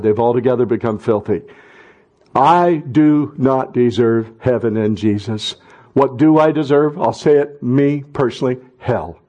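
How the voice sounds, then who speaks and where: A middle-aged pastor preaches a sermon, starting out conversational before rising to loud, impassioned cries. His voice is mid-range, and the sound is lo-fi.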